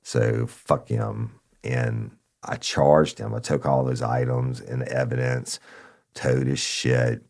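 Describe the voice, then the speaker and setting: A man's voice: little pitch movement, slow pace, a little mellow. A man, a former narcotics officer telling a true crime story in a blunt, profane way. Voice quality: gravelly, very deep. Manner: blunt and profane, addressing listeners as y'all.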